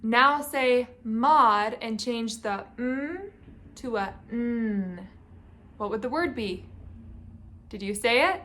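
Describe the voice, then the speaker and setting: A woman teaching young children to read, sounding out each sound slowly and clearly and prompting them to join in. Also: on the high side, expressive, fairly bright tone. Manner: slow, clearly sounded-out speech with encouraging prompts. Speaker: reading teacher. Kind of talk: phonics lesson for young children. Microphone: camera mic, teaching at a whiteboard.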